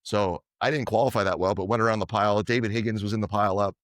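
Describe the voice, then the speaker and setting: A man being interviewed as a podcast guest, telling lively anecdotes and acting out what others said. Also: on the low side, quick pace, no room sound, clean studio sound. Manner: animated anecdotes, quoting others in dialogue. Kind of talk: casual storytelling interview.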